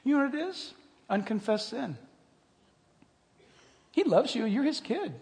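An older man preaching a sermon as pastor, animated, swinging between loud exclamations and hushed asides. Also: very high-pitched, a little slow. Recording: long hall reverb.

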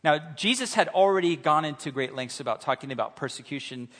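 Animated preacher man in an echoing hall. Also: a little high, quick pace. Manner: animated, humorous, acts out voices. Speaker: pastor. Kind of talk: sermon. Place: church sanctuary.

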